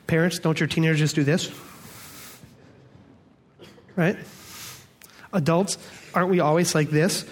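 A man preaching a sermon as pastor, telling a story with lively quoted voices. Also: a little high, breathy edge. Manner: storytelling, animated quoted voices, laughing audience.

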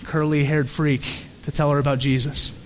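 A man's voice: fairly high pitch, little pitch movement, moderate pace, long reverb tail, slight background noise. A male pastor preaching a sermon, telling a story with lots of energy and frequent restarts and repeated words.

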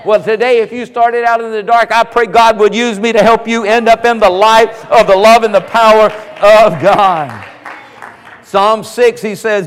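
A man preaching a sermon as pastor, slowing down and rising in force when quoting scripture. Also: high-pitched, fairly even intonation, smooth. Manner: preaching, slows and rises on scripture quotes. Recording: long reverb of a large hall.

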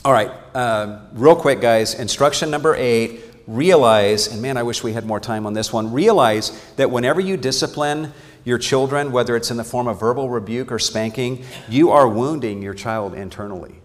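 A man's voice: medium pitch, moderate pace. A man teaching a parenting seminar in a sermon style, earnest and emphatic, often restarting his words. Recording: long hall reverb.

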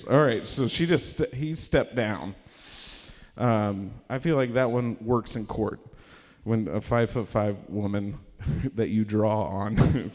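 Young male comic, self-mocking storyteller, mid pitch, live room with lingering reverb. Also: a little mellow. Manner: rambling, self-mocking, acts out quotes in raised voices. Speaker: stand-up comedian. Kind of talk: stand-up storytelling. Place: live comedy venue.

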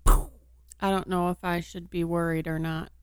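A woman's voice: fairly low pitch, flat delivery, a little slow, clear, resonant tone, no room sound, clean studio sound. A woman co-hosting a radio show, answering in a down-to-earth, matter-of-fact way. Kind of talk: casual on-air banter.

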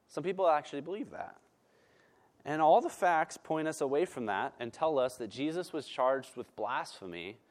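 A man preaching a sermon as pastor, emphatic and repeating words for stress, then praying in a soft, slow voice. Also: mid-range voice.

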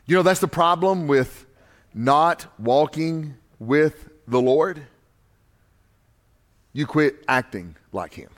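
Preacher man with a high voice. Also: lively intonation, takes it slowly, long pauses. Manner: preaching with rising emphasis and repeated refrains. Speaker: pastor. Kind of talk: sermon.

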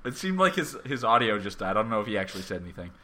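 A man's voice: on the low side, big pitch swings, very fast, pushed and bright, a little hiss or hum. A young man hosting a casual comedy podcast, joking and self-mocking, with the odd stutter. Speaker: podcast host.

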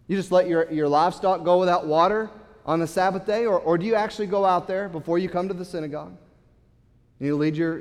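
Emphatic high-voiced preacher in a reverberant hall. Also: male voice. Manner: emphatic preaching with repeated words and restarts. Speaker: pastor. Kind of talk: sermon. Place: church sanctuary.

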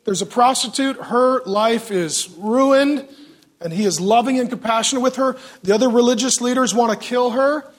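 A man preaching a sermon in a lively, joking way, often asking the audience questions. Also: extremely high pitch, moderate pace. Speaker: pastor.

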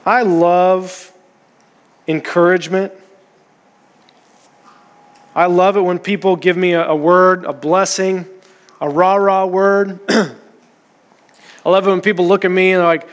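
High-voiced man preaching in an echoing hall. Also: slow pace, long pauses. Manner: earnest, conversational preaching. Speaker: pastor. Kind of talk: sermon.

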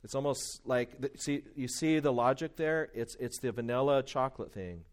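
Male preacher, middle pitch, delivers an emphatic sermon with pointed repetition. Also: expressive, fairly quick, few pauses. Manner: emphatic, repeats key points, varies loudness for stress.

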